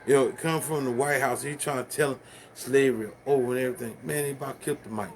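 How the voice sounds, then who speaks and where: A man's voice: medium pitch, steady tone, quick pace, a little hiss or hum. A man ranting casually to the camera, rambling and profane, stumbling over fillers and laughing at his own jokes.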